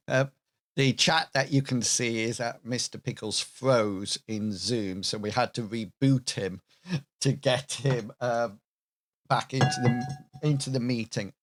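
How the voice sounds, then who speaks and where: A man acting as game master for a tabletop session, narrating in an unhurried, leisurely way. He chuckles often and fills pauses with ums while setting up the scene. His pitch sits in an ordinary middle range. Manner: relaxed, chuckling, with many fillers. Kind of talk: narrating a tabletop game over a video call.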